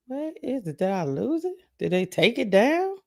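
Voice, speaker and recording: A man's voice: extremely high pitch, very animated, moderate pace, creaky. A man hosting a live sports talk stream, chatting casually, greeting viewers by name and thinking aloud.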